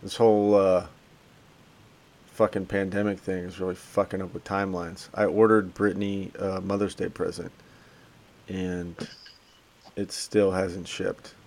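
A man's voice: deep voice, unhurried, long pauses. A man in his thirties co-hosting a casual chat, telling a story with plenty of swearing and acting out the quotes. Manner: storytelling, animated, acts out quotes. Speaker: podcast co-host.

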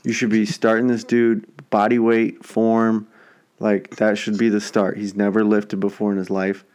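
A young man co-hosting a podcast, telling a story in a casual, profane, animated way. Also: on the low side, moderate pace. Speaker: podcast co-host. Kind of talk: casual chat.

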